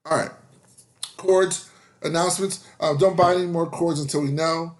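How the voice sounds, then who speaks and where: A man's voice: a little high, steady tone, moderate pace. A man teaching an online webinar class in a casual, joking way. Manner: casual, joking, with frequent fillers.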